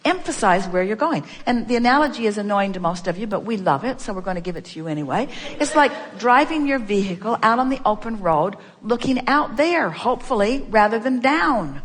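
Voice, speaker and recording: A woman's voice: a little high, expressive, a little fast, few pauses. A woman delivering an inspirational seminar talk. She speaks as a collective "we" and plays with repetition, mixing earnest encouragement with light teasing.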